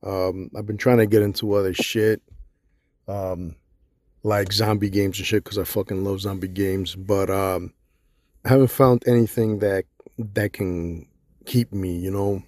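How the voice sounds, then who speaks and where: A man on a podcast talking casually and relaxed, swearing freely. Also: low voice, measured pace, no room sound, clean studio sound. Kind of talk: casual chat.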